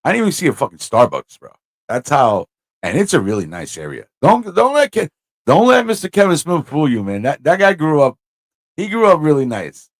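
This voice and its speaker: A man hosting a casual livestream, telling stories in an animated way, swearing and slipping into put-on voices. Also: fairly high pitch, fairly quick, no echo. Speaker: host.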